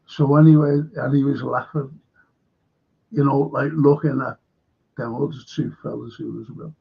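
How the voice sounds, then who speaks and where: A man's voice: mid-range voice, moderate pace, creaky, breathy edge, lo-fi sound. A man with a Liverpool accent hosting a rambling, opinionated monologue. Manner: rambling, opinionated, animated when quoting others. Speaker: host.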